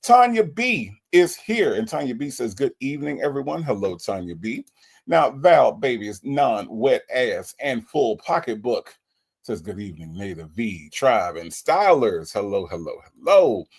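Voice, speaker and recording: A man's voice: fairly low pitch, normal speed, vocal fry, breathy edge. A man hosting a casual livestream, greeting viewers by name and reading their comments in a playful, teasing way. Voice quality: lively, playful, teasing delivery. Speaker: livestream host.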